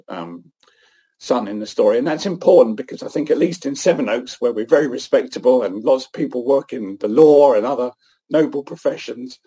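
A man giving an earnest, animated sermon-like talk at a church event. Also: mid-range voice, slightly rough. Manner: earnest, animated, often restarts phrases. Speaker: guest speaker at a church event.

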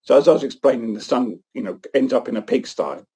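A man giving an earnest, animated sermon-like talk at a church event. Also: mid-range voice, fast talker, slightly rough. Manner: earnest, animated, often restarts phrases. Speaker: guest speaker at a church event.

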